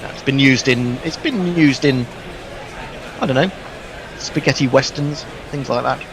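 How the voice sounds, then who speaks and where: A man's voice: medium pitch, unhurried, crowd noise, noisy background. A man co-commentating on live cricket and reading out listener messages, musing and chatty, with hesitant fillers. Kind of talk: live sports commentary chat.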